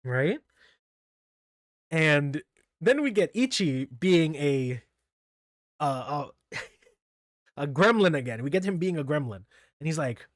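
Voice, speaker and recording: A man's voice: on the high side, expressive, slow pace, long pauses, no room sound, clean studio sound. A man recapping manga chapters in a casual solo talk, rambling, laughing often and stumbling over names. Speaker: manga reviewer.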